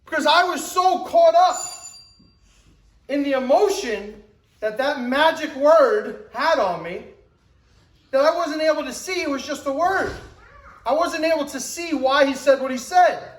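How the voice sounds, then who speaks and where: Emphatic high-voiced man in his forties. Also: lively intonation, a little slow, reverberant, poor audio. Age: 40s. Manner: emphatic, acts out scenes with rising pitch and shouts. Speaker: motivational speaker. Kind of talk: motivational talk to an audience.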